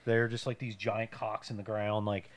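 A man co-hosting a podcast, chatting casually about a movie with crude jokes and animated retellings. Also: fairly low pitch, normal speed. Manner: joking, crude, animated retelling with put-on voices. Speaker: podcast co-host. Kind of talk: casual movie-review chat.

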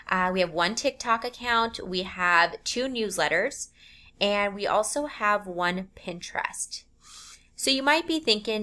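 An upbeat woman in her thirties hosts her own podcast, chatting freely and stopping to correct herself mid-sentence. Her pitch sits in an ordinary middle range for a woman. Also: animated, unhurried, bright, forceful tone. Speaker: podcast host. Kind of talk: casual solo podcast talk.

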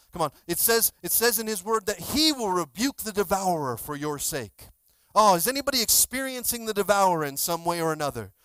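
A male pastor giving a sermon, telling stories in an animated way, acting out quotes and often repeating words. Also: on the high side, no room sound. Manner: animated storytelling, acts out quotes; repeats words, many restarts.

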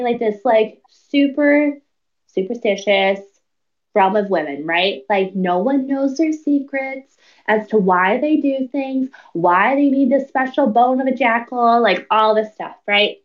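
A woman co-hosting a casual book review podcast, animated, laughing often and acting out characters' lines. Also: high-pitched, unhurried, far from the mic, muffled recording. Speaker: podcast co-host.

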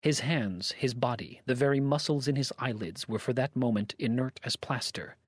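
A man narrating a story in a measured, even scripted reading. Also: medium pitch, slightly rough, no room sound, studio quality.

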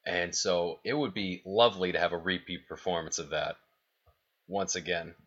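Bright-voiced man on a lo-fi podcast. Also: low-pitched, fairly even intonation, normal speed, breathy edge. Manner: chatty, opinionated, rattles off stats. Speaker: podcast co-host. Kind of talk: casual sports podcast chat. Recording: dull lo-fi podcast audio.

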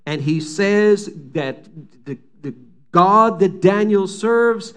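High-voiced man retelling scripture. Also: expressive, slow, fairly bright tone, smooth. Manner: storytelling, acts out the quotes with rising intensity. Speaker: preacher. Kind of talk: sermon retelling a scripture story.

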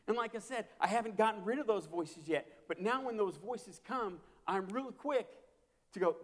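A man preaching a sermon as a pastor, impassioned and repetitive, swinging from hushed to loud. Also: high voice, normal speed. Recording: long hall reverb.

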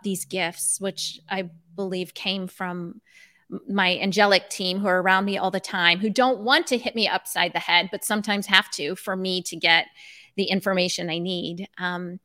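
Middle-aged lady life coach, animated storyteller, does everyone's lines, tense bright tone. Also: mid-range voice. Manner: animated, acts out remembered dialogue. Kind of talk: personal storytelling in conversation.

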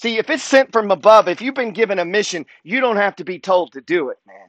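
Fiery, profane motivational speaker, higher-pitched man. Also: animated, quick pace, a bit bright, no echo. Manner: emphatic, profane, preacher-like. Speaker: wealth and trading coach. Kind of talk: motivational monologue.

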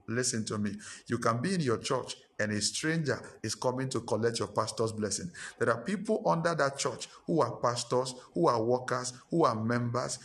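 Pastor, male, middle-aged, Ghanaian English accent; emphatic preaching with repeated phrases and climbing pitch. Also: moderate pace, hardly any pauses, a bit bright. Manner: emphatic, repetitive preaching that rises in pitch and force. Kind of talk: sermon.

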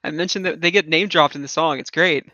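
A woman co-hosting a casual podcast, teasing and deadpan as she echoes jokes back. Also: low voice, fairly quick, lo-fi sound. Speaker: podcast co-host.

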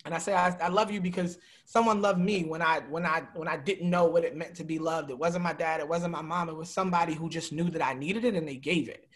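A man's voice: fairly high pitch, fairly even intonation, fast, hardly any pauses. A man from Baltimore telling a story in a casual conversation and acting out the people he quotes. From Baltimore, USA. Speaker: guest, community organizer.

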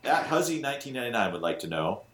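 A man's voice: mid-range voice, sing-song, racing, a bit bright, reverberant, a little hiss or hum. A man hosting a podcast in casual chat, reading listener questions aloud and laughing easily. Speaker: podcast host.

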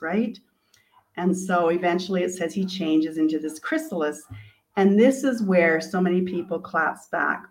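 A woman's voice: on the low side, low-quality recording. A woman, an author and coach, animatedly retelling her storybook in an interview and acting out its quotes.

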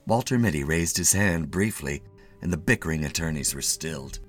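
A man reading a short story aloud in an expressive, measured way. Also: a bass voice, faint music behind. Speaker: narrator.

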